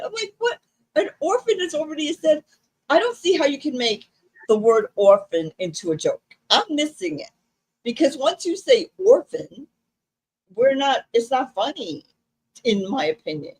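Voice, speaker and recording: A woman co-hosting a podcast in casual chat, animated and incredulous, laughing easily. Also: sits high, normal speed, poor audio. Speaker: podcast co-host.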